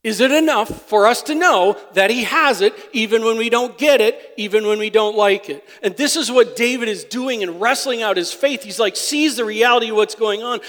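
A male pastor preaching a sermon. He moves between quiet, confiding asides and loud, emphatic declarations. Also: high voice, normal speed, hardly any pauses. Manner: impassioned, swings from soft asides to loud declarations. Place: church sanctuary. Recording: long hall reverb.

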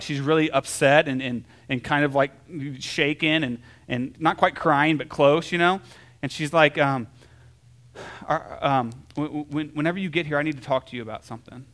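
A young adult man gives a casual sermon in an easy, conversational way. His voice sits a little high, and he keeps checking in with the listeners. When he tells a story he gets animated, dropping soft and then rising loud. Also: normal speed. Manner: conversational, lots of filler "like" and "right?". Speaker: pastor.

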